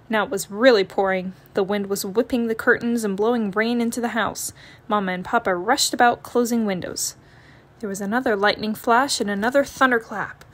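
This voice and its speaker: A woman narrating a children's picture book read-aloud in a gentle, expressive storytelling manner. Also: medium pitch, a little fast.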